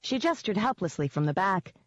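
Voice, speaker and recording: A woman reading first-person fiction aloud as an audiobook narrator, with an even, wry storytelling manner. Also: mid-range voice, brisk, no echo. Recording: dull dry lo-fi audio.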